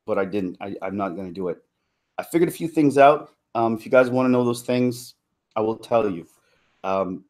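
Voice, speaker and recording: A man talking casually on a live stream, rambling and halting, with many fillers and restarts, laughing now and then between thoughts. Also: mid-range voice. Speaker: YouTuber and impressionist.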